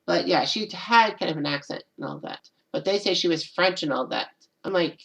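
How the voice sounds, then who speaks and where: A woman's voice: fairly low pitch, moderate pace, vocal fry, hardly any pauses, low-quality recording. A woman hosting her own channel, talking alone in a rambling casual way and often repeating "and all that.". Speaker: channel host. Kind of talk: casual solo commentary.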